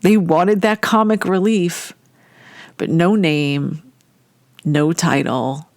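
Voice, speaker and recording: Low-voiced woman telling a story, gravelly. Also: takes it slowly, dry recording, studio quality. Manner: animated storyteller who acts out quoted voices. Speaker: storyteller recounting a personal memory. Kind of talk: casual spoken storytelling.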